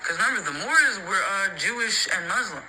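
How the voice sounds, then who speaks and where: A man's voice: sits high, lively intonation, a little fast, sharp tone, a little hiss or hum, poor audio. A man in an opinionated, heated rant to the camera, emphatic and profane, repeating his points and mocking others. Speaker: social media creator.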